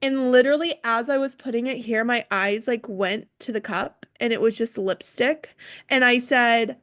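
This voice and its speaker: High-voiced animated young woman. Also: normal speed. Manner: animated storyteller acting out exchanges. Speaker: restaurant manager. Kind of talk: casual group chat.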